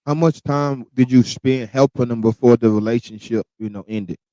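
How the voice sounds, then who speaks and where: Man interviewer asking calm questions. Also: mid-range voice, moderate pace, no room sound.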